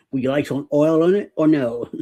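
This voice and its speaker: A man's voice: on the high side, moderate pace, warm tone. A man co-hosting a casual morning live show, joking and rambling with lots of fillers and laughter. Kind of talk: casual live-stream chat.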